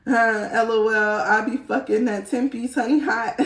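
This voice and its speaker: A woman's voice: fairly high pitch, steady tone, moderate pace. A young woman, chatting casually on a live stream, slangy and swearing freely, laughing often. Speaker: spiritual livestream host. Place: indoor room, live stream. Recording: roomy echo.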